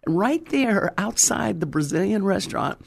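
Gravelly-voiced woman preacher telling a testimony. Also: medium pitch, moderate pace. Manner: animated, acts out the voices of the people in her story; fervent, exclamatory. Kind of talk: sermon testimony storytelling.

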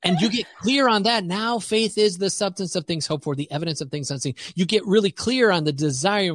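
A man's voice: sits high, brisk, few pauses, a bit bright, no room sound, studio quality. A man talking as a podcast guest, preacher-like and emphatic, repeating phrases for rhythm as he builds a motivational faith message.

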